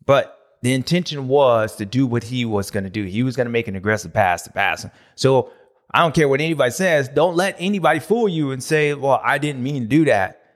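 A man hosting a motocross recap show, talking in a loose, slangy, animated way with loud bursts and low asides. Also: a little fast. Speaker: motocross podcast host. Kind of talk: casual race recap commentary.

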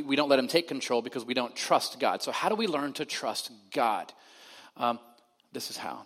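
A man preaching a sermon in a conversational way, his voice rising to loud emphasis and then dropping to a hushed quiet. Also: mid-range voice. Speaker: pastor. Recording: long hall reverb.

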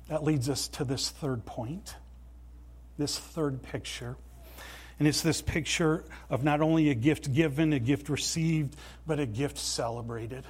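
A man preaching a sermon in a church, earnest and emphatic, with deliberate pauses. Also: on the high side, husky. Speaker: pastor.

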